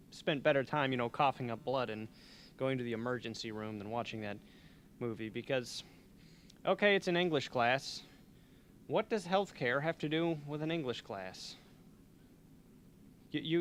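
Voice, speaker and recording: A man's voice: a little high, fairly bright tone, a little hiss or hum. A young man hosting a college radio show, chatting and joking in a loose, rambling, self-mocking way from a small studio. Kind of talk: rambling comedic radio chat.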